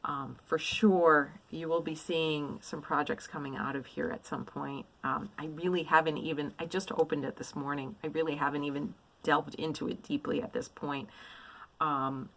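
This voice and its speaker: A woman's voice: low voice, steady tone, normal speed, a bit bright, low-quality recording. A woman vlogging casually about a stitching haul, gushing with repeated praise and frequent ums while showing items. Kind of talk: casual show-and-tell of a mail haul.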